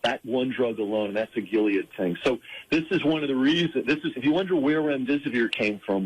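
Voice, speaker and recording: A man speaking as an interview guest, earnest and halting, with frequent fillers and restarts. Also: medium pitch, breathy edge, highs cut off. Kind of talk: conversational interview.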